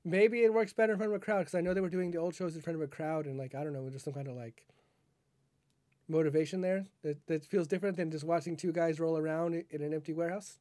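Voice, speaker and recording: Guy with a high voice rambling about wrestling on a podcast, dry close mic, keeps restarting his sentences. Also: fairly even intonation, fast, mellow, dry recording. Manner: rambling, self-correcting, laughs at himself. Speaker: podcast co-host. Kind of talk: casual chat.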